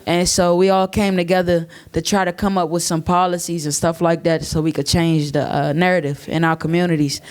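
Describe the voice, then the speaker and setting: A man's voice: fairly high pitch, level tone, a little fast, few pauses, clean tone. A man speaking casually to a live audience from a stage, loose, slangy and heartfelt. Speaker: panelist and community youth worker.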